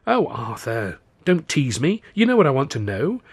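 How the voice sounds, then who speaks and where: A man voicing an excitable young woman friend who teases and scolds, in an audiobook reading. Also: mid-range voice, normal speed, husky, no echo, voice pushed up. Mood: eager, scolding. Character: lively exasperated young woman friend, teasing.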